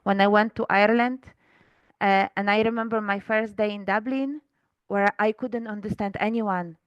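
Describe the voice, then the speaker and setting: A woman from Poland speaks English, working through her ideas slowly and pausing on fillers. Her voice is smooth and resonant. The recording is dry, with no room sound. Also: mid-range voice, fairly even intonation, no room sound, highs cut off. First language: Polish. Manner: thoughtful, hesitant, many fillers. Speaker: guest author. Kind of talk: reflective conversational interview.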